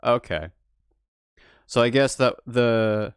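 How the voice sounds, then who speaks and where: A man's voice: lowish voice, takes it slowly, pauses often, smooth, dry recording, studio quality. A man hosting a let's play, giving casual gameplay commentary full of musing, rambling asides.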